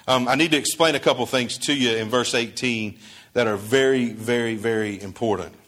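Preaching a sermon conversationally, a male pastor asks his congregation questions and acts out quoted dialogue. His medium-pitched voice is a bit bright and moves at a moderate pace.

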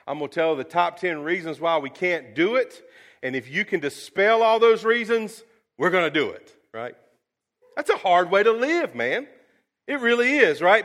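A middle-aged man delivers a sermon in a slightly high-pitched voice. He tells homely stories in a folksy way and then drops to a soft, earnest tone. His delivery swings between animated asides and hushed emphasis. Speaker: pastor.

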